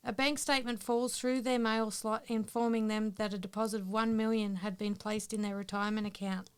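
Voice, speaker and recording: A woman podcast co-host telling a long joke story in a casual chat, teasing and quick to laugh. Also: a little high, fairly even intonation, clean tone.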